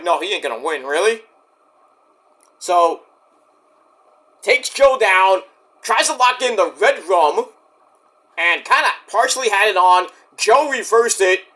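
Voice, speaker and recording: Male wrestling reviewer, high and bright voice, excitable and profane recap delivery. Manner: excitable, profane, storytelling rant. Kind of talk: casual recap commentary.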